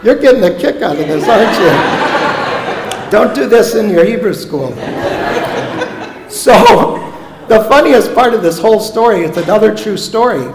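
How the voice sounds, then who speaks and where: In a synagogue sanctuary whose echoey hall adds long reverb, a man from Omaha in the United States speaks as a guest. He's a professor of Jewish education delivering a sermon-style talk of lively, comic stories with punchlines, in a high voice that runs a little slow with long pauses over background noise.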